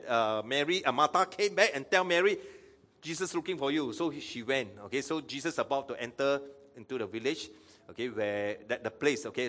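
A man's voice: mid-range voice, fairly bright tone. A man preaching a sermon as pastor, acting out Bible quotes and asking the audience questions.

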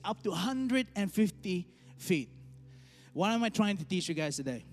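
A man in his thirties preaching a sermon, telling stories and letting his phrases trail off softly. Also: high voice. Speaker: pastor. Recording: long hall reverb.

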